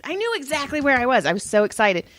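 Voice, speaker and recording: A woman's voice: high voice, big pitch swings, fast talker, a bit bright, no echo. Chatty, swearing woman podcast co-host. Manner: chatty, swears freely, acts out quotes. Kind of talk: casual chat.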